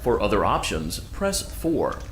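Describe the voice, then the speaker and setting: Polite robotic assistant. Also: male voice, on the low side, wildly swooping pitch, a little hiss or hum. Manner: polite, measured customer-service delivery. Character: polite male robotic handheld assistant, calm and chipper.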